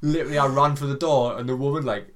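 A man's voice: medium pitch, fairly even intonation, quick pace. A young man, co-hosting a casual podcast chat, telling a story animatedly, doing voices, swearing and laughing often. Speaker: podcast co-host.

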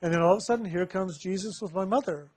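A man telling a personal spiritual testimony to a group, halting with many fillers and restarts and laughing often. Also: sits high. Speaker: member sharing with a spiritual group.

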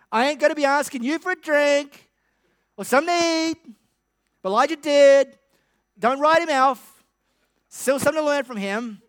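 A high-voiced man preaches with playful humor. His voice sounds close and dry, with no room around it. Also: fairly bright tone, dry recording. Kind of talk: sermon.

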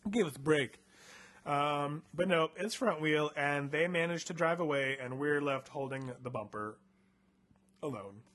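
A young man with a slightly higher-pitched voice retells a story in a loose, playful way for a comedy podcast. He talks casually, leaning on fillers like "like" and "um" as he goes. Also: a little slow, fairly bright tone. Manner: chatty, full of "like" and "um" fillers, playful. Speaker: podcast host reading a choose-your-path book aloud.

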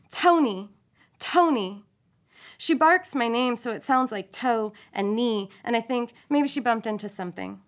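A woman reads a first-person short story aloud with a playful, expressive lilt and wry asides. Her voice sits somewhat high for a woman. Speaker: story reader.

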